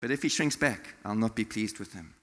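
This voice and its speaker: A man from South Africa preaching a sermon in a church, animated, acting out quotes and laughing often. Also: lowish voice, brisk. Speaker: pastor. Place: church hall. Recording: long hall reverb.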